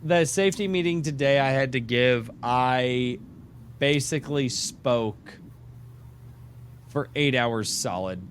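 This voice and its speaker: A man's voice: medium pitch, slow pace, long pauses. Middle-aged male host, tired voice, rambling beer-talk chat, faint hiss behind. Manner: rambling, chatty, drinking beer and joking. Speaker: podcast host. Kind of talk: casual live-stream chat.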